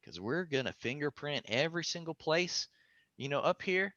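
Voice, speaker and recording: A man voicing a calm, stern small-town police officer who drawls and calls people son. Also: a little high, normal speed, dry recording, highs cut off.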